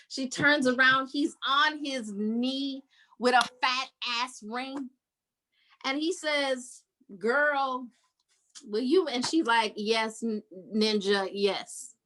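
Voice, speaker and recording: A woman's voice: high-pitched, sharp tone, low-quality recording. A woman podcast host recapping a book in casual chat, telling the story with energy and acting out the characters' lines.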